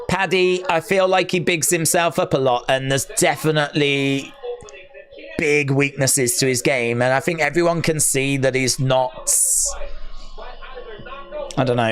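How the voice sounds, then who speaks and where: A man from England hosting a live fight watch-along stream, chatting casually, reading out viewers' comments and breaking into excited cheers. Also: mid-range voice.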